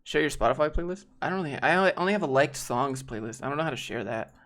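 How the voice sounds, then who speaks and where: A man's voice: a little high, lively intonation, a bit bright. Young man hosting a casual live Q&A. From Georgia, US. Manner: quick, wry asides, trails off. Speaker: livestream host. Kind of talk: casual live Q&A reading chat.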